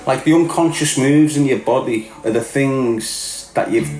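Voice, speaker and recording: A man's voice: mid-range voice, a little slow. A middle-aged man with a Scouse accent hosting a casual livestream rant in streetwise, mocking banter, often laughing. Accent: Scouse (Liverpool). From Liverpool area, England. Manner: mocking, streetwise banter, frequent laughter, calls everyone "lad". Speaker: livestream host. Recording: roomy echo with faint music.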